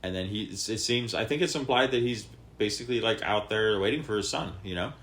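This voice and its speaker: A man's voice: fairly low pitch, fairly quick, a bit bright. A man co-hosting a podcast, retelling a parable in loose, rambling casual talk. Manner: rambling, many fillers and restarts, explaining a parable. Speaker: podcast co-host. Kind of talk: casual chat.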